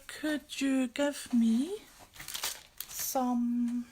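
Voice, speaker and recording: A woman's voice: fairly high pitch, slow, sharp tone, slight background noise. A woman hosting a casual crafting livestream from her craft room, chatty and gushing, often giggling.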